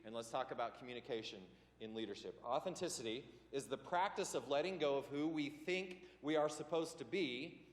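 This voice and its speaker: A man of ordinary pitch teaches a church leadership class, talking loosely with plenty of ums and restarts. His voice rings out in a roomy hall with a long reverb tail. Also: brisk, few pauses. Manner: rambling, many ums and self-corrections. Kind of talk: casual teaching talk. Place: church meeting room.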